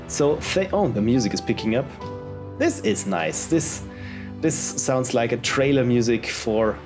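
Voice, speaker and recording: A man's voice: medium pitch, measured pace, loud music behind the voice. A man casually commenting while he plays indie games, reading on-screen text aloud in a chatty way. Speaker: let's play host.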